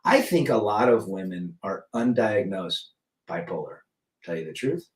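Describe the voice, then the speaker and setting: A man's voice: on the low side, very animated, moderate pace. A middle-aged man hosting a casual livestream, giving blunt opinions and greeting chatters by name. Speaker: livestream host reading chat. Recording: roomy echo, mic at a distance.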